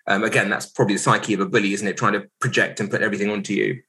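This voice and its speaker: A man, recounting a painful story from his working life. His voice sits fairly low but has a bright, forceful edge. He speaks candidly and reflectively, hesitating and restarting often. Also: steady tone, fast talker, few pauses, rough recording. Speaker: podcast guest, solicitor.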